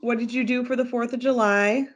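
A woman's voice: on the high side, fairly even intonation, fairly quick. A young woman with a Midwestern accent co-hosting a podcast in casual chat, blunt and swearing freely. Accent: Midwestern American. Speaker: podcast co-host.

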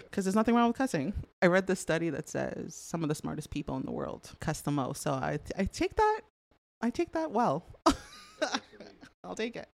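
Here a podcast guest, a middle-aged Canadian woman, chats casually with her interviewer in a deep, gravelly voice. She tells lively stories, leaning heavily on fillers and laughing a lot.

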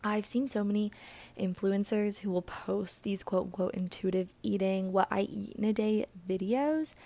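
A young woman hosting a casual solo podcast, chatty and earnest, sounding a bit out of breath and breathy, with words often trailing off into a whisper. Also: medium pitch, warm tone. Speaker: podcast host.

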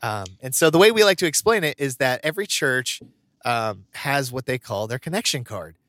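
A man's voice: mid-range voice, animated, normal speed, fairly bright tone, no room sound, clean studio sound. Chatty laughing male podcast host. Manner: chatty storyteller, laughs often. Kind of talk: casual podcast chat.

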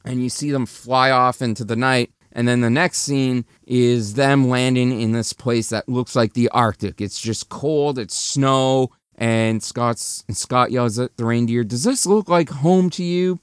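Clear-voiced man casually recapping a movie. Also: mid-range voice, measured pace, hardly any pauses, no room sound, clean studio sound. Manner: chatty, animated retelling with restarts.

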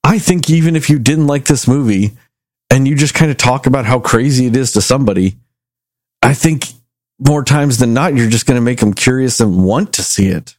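A man casually reviewing a movie, rambling and animated as he retells scenes. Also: medium pitch, normal speed, dry recording. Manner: rambling, animated storytelling with acted quotes. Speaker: movie review podcast host.

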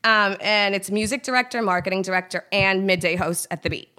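Woman from trinidad telling stories in an interview, bright voice, lively, does everyone's voices. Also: mid-range voice, fairly quick, clear, resonant tone. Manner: animated, acts out quoted voices. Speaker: guest. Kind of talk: casual storytelling interview.

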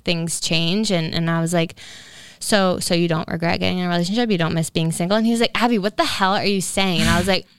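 A woman's voice: lowish voice, smooth, no echo. A young woman in her twenties telling a rambling personal story on a casual podcast, filling it with "like" and "um". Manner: rambling storyteller, heavy use of "like". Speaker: podcast co-host. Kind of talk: casual chat.

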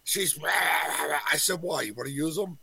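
A man's voice: fairly high pitch, measured pace, vocal fry, background noise. A middle-aged man co-hosting a talk show, swearing freely and telling crude stories full of quoted dialogue. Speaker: co-host. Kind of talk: casual profane banter.

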